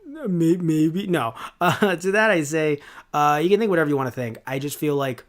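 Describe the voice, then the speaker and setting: A man's voice: a little high, expressive, fairly quick, a bit bright. A man in his twenties hosting a podcast, giving a casual review in a rambling, sarcastic way with lots of fillers and restarts. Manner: rambling and sarcastic, with many fillers and self-corrections. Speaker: podcast host.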